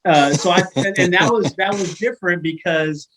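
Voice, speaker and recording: Man, thirties, from California, casual storytelling, fillers and restarts, slightly high voice. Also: normal speed, low-quality recording. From Sacramento, California. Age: 30s. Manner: animated anecdote-telling with many fillers and restarts. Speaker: guest, firefighter.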